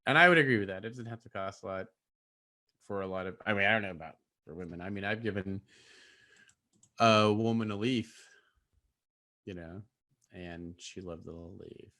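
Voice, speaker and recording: A man's voice: low voice, moderate pace, pauses often, sharp tone. A man co-hosting a casual talk show, bantering and teasing his co-host. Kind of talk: casual chat.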